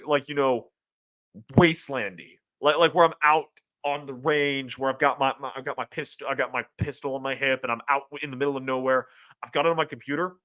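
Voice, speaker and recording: A man's voice: smooth, no room sound. Man rambling on a dry stream. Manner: rambling, with restarts and sudden excited jumps in pitch. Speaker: streamer host reading chat. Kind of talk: casual livestream chat.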